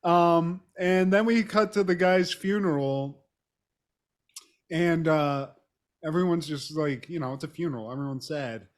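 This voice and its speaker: Co-hosting a podcast, a man with a fairly high, slightly slow voice casually recaps a TV episode. He laughs a lot and calls his co-host by name.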